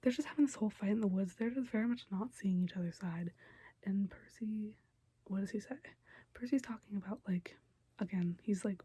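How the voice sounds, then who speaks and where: A young woman giving a whispered role-play style recap of a show episode, talking softly with lots of fillers. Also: mid-range voice, normal speed, slightly rough, no room sound. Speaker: show reaction youtuber.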